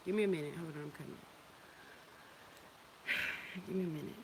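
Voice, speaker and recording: A woman's voice: fairly low pitch, normal speed, background noise. Woman talking loosely and from the heart. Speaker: livestream host. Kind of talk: casual spiritual livestream talk.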